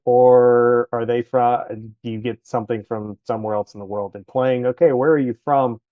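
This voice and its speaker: A man's voice: medium pitch, no echo, dull audio. A man, chatting casually as a podcast guest about his travels, rambling and correcting himself as he goes.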